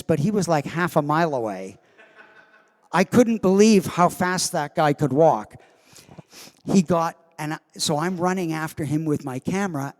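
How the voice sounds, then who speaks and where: A man telling an anecdote to a live convention audience as guest of honor, acting out the quoted lines with animated delivery. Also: fairly high pitch. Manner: animated storyteller who acts out quoted lines. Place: convention hall. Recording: long reverb of a large hall.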